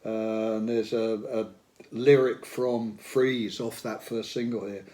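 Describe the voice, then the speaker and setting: A man in his sixties hosting a casual talk through old music magazines, chatty and reminiscing, pausing on fillers and growing enthusiastic. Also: fairly low pitch, flat delivery, warm tone. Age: 60s. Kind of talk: casual spoken commentary.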